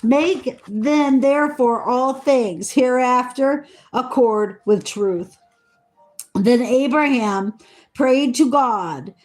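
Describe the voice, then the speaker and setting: A woman with a fairly high voice reads scripture aloud slowly and earnestly, stumbling over hard names. She keeps breaking in with eager, excited comments of her own about the text.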